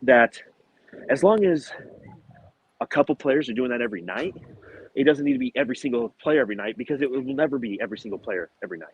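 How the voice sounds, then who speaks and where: A man's voice: mid-range voice, animated, fast talker, muffled recording, slight background noise. A man hosting a casual sports podcast, out of breath, rambling through analytical basketball talk with fillers. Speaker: podcast host. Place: outdoors, walking and climbing stairs.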